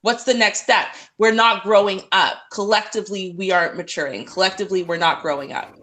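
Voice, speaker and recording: A woman speaking with passion on a live discussion panel, arguing forcefully. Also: mid-range voice, steady tone, fairly quick. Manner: impassioned, mocking pleading voices. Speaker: panel guest.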